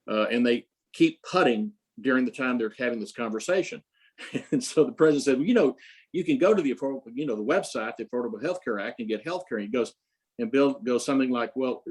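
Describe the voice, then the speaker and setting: Older man, interview guest, storytelling, restarts, quoted dialogue, even middle pitch. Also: breathy edge, low-quality recording. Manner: rambling anecdotes with frequent restarts and quoted dialogue. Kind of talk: casual storytelling.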